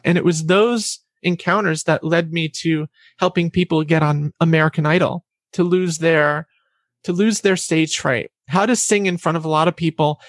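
A woman guest in a casual interview, telling quick anecdotes with a trained, deliberately raised voice and acting out what others said. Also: sits low, steady tone, no echo, studio quality. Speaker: interview guest, former announcer and vocal coach.

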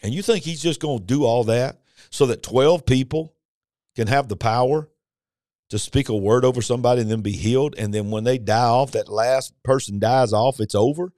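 A man's voice: medium pitch, normal speed, darkish tone, no echo, clean studio sound. A man preaching a podcast sermon, fervent and emphatic, firing rhetorical questions at his listeners.

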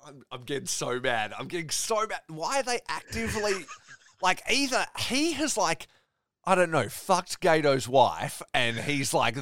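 A man's voice: on the high side, animated, measured pace, fairly bright tone, no echo, studio quality. A man co-hosting a podcast, ranting animatedly and swearing in casual chat. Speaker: podcast co-host.

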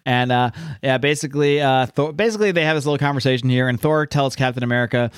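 Fast-talking man, animated comic recap. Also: medium pitch, smooth, no echo, clean studio sound. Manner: animated, enthusiastic retelling. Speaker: podcast host. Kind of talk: casual chat recapping a comic.

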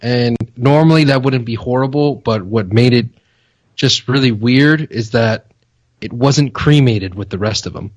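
A man co-hosting a casual sports podcast, teasing and telling jokes deadpan. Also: mid-range voice, measured pace, dry recording, muffled recording. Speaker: podcast co-host.

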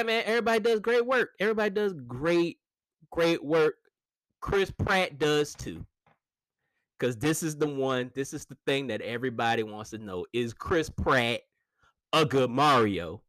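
A man casually reviewing a movie, animated and chatty, laughing often and restarting his sentences. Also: on the high side, dry recording.

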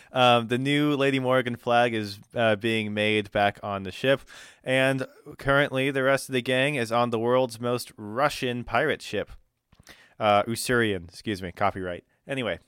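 A man narrates a tabletop role-playing game as game master, halting and full of fillers. His voice is smooth and clear, and he talks slowly. The sound is dry and close. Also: medium pitch, a bit bright, dry recording. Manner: halting, many fillers and restarts.

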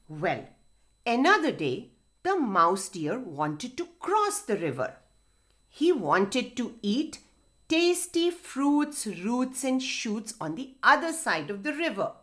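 A woman reading a children's story aloud, expressive and sing-song, talking to the children directly. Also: fairly high pitch, slow.

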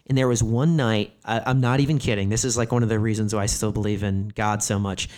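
A man's voice: fairly low pitch, fairly even intonation, quick pace, darkish tone. Rambling man telling candid stories. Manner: rambling, filler-heavy "like" phrasing, profane. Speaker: comedian guest. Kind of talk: candid storytelling conversation.

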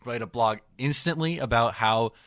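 A man's voice: mid-range voice, moderate pace, fairly bright tone, no echo. A young man hosting a casual sports podcast, laid-back and joking as he tells a story. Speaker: podcast host. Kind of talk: casual hockey podcast chat.

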